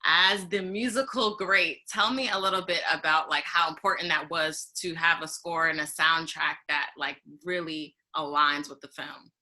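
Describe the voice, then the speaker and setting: A woman interviewer asking questions warmly and enthusiastically. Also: sits low, steady tone, normal speed, hardly any pauses. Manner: enthusiastic, affirming.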